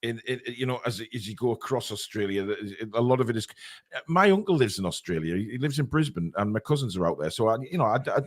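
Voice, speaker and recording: A man's voice: medium pitch, big pitch swings, fast. A man with a Geordie accent hosting a casual football chat, rambling and stumbling over his words. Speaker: podcast host.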